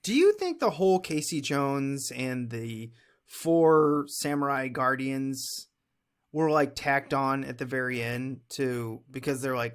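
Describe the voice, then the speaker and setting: A man in his thirties talks through a movie review on a podcast at a mid-range pitch. He rambles loosely and pokes fun at himself now and then. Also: lively intonation, takes it slowly, smooth. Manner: chatty, rambling, self-deprecating. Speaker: podcast co-host. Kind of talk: casual movie review chat.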